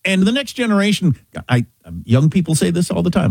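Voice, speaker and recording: Talk host, middle-aged man from Kansas: slightly higher voice, husky, swooping delivery, dry sound. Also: fairly quick, dry recording. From Kansas, USA. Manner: animated, chatty storyteller. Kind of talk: casual talk-show storytelling.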